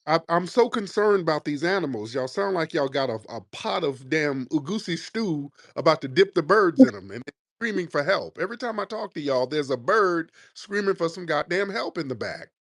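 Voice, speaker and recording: A brash male host runs a live call-in chat, sarcastic and quick to curse, with a lingering cough. His voice sits fairly high and swings widely in pitch. The sound is dry and close. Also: very animated, no room sound. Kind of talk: live audio chat room, taking callers.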